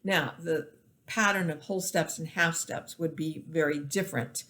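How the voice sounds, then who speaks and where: A woman's voice: low voice, steady tone, normal speed, pushed and bright. A woman music teacher giving a recorded classroom lecture, explaining patiently with restarts and counting beats aloud to show the rhythm.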